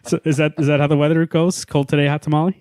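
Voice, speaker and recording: A man's voice: fairly high pitch, little pitch movement, rapid-fire, a little mellow, no room sound, studio quality. A man co-hosting a comics podcast in casual chat, playful and prone to rambling joke stories. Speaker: podcast co-host.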